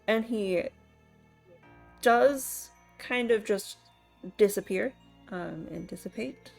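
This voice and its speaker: Woman game master, unhurried, rambling, lots of fillers, soft music behind. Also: medium pitch, gravelly. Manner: rambling, filler-heavy, amused. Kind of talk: narrating a tabletop game.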